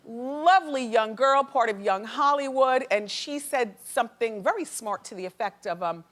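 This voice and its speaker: A woman's voice: fairly high pitch, moderate pace. Chatty woman host dishing celebrity gossip. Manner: chatty, animated, opinionated. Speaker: talk show host. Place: TV studio with live audience.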